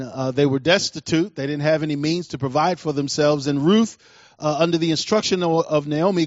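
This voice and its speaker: Man, pastor, high voice, impassioned sermon, dry slightly dull recording. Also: dry recording. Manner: impassioned preaching, swings from loud to hushed.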